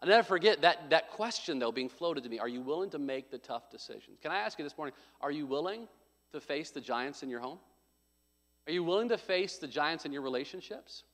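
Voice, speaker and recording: A man preaching a conversational sermon as pastor, telling stories and swinging between hushed asides and emphatic points. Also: on the high side, expressive, brisk, long reverb tail. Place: church sanctuary.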